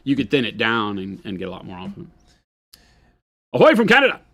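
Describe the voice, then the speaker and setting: A man's voice: fairly low pitch, rapid-fire, a bit bright. A man co-hosting a live miniature-painting stream, rambling and joking in casual chat.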